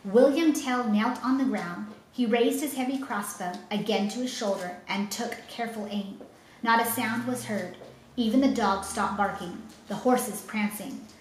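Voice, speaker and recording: A woman telling a children's story with dramatic, expressive reading. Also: fairly high pitch, normal speed, a little hiss or hum. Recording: roomy echo, faint ambience.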